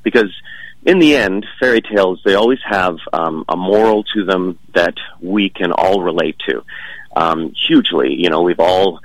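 A man with a very deep voice answers interview questions about performing. He talks in a relaxed, halting way, full of fillers and restarts. The recording is dry and close. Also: dry recording, rough recording. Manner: hesitant, many fillers and restarts, chuckling. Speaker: stage actor, interviewee.

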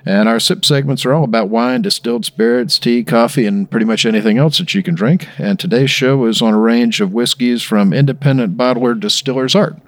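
A man's voice: mid-range voice, fairly quick, few pauses, dry recording. A man hosting a drinks tasting show, reading sponsors and the lineup in a casual joking way. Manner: joking, reads sponsor spots. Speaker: show host.

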